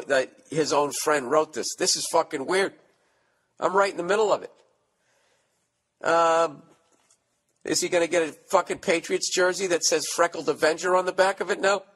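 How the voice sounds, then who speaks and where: A man's voice: fairly high pitch, a bit bright. A man hosting a comedy podcast, reading listener letters aloud and riffing on them with profane, sarcastic asides. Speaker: podcast host.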